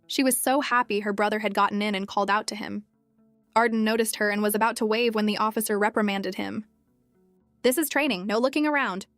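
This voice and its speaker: A woman narrating a story recap in a steady, even, scripted delivery. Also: mid-range voice, quick pace, no echo, soft background music.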